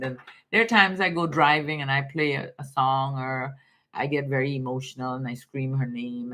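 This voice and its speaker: A woman's voice: very deep voice, a bit bright, slight background noise. A woman from Guyana giving casual live tarot readings, calling viewers baby and darling in an affectionate way. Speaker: tarot reader on a live stream.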